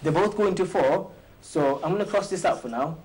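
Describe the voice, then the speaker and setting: A man hosting and teaching an informal maths lesson, quizzing a few students with quick questions and joking as he goes. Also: fairly high pitch, darkish tone, low-quality recording. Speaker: maths teacher and show host.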